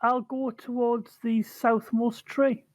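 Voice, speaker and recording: A woman's voice: on the high side, flat delivery, slow pace, darkish tone, dry recording. Woman, tabletop player, earnest and chatty, dry close mic. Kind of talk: playing a tabletop game.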